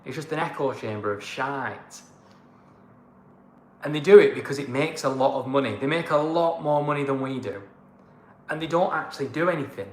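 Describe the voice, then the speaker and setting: A blunt man from northern England, with the accent to match, co-hosts a casual livestream chat for a travel channel, ranting and clearly enjoying a good moan. His medium-pitched voice is a little mellow and moves at a moderate pace, with a reverberant sound.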